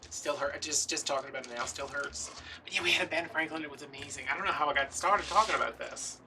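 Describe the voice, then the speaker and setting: A man's voice: on the high side, quick pace, recorded from a distance, noisy background. A man, hosting a craft video and telling rambling, playfully dramatic stories. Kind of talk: casual storytelling while crafting.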